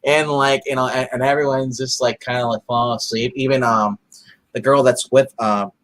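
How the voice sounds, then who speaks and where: A man's voice: medium pitch, steady tone, moderate pace, a bit bright. A man co-hosting a casual episode recap, retelling scenes animatedly and acting out the characters' lines with frequent laughs. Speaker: podcast co-host.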